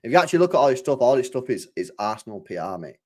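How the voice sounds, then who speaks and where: A man's voice: medium pitch, big pitch swings, racing, darkish tone. A young man chatting casually on a football stream, exasperated, swearing often and laughing.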